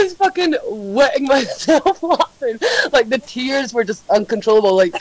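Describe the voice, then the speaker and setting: A woman's voice: fairly high pitch, lively intonation, normal speed, rough recording. Giggly swearing woman telling stories. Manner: giggly storyteller, swears a lot. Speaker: podcast co-host. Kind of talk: casual chat.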